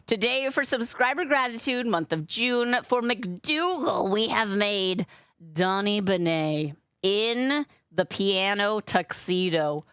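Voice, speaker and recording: A woman's voice: mid-range voice, animated, slow, fairly bright tone, clean tone, no echo, studio quality. A woman hosting a casual live stream as a balloon artist, chatty and upbeat with frequent fillers.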